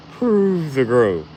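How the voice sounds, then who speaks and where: A man talking straight to his audience in a loose comedic riff, his pitch leaping up and down as he acts out little scenes. He laughs through his lines, swears freely and talks in easy slang. There is a faint hum of noise behind him. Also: mellow. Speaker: vlogger. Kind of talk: casual comedic monologue.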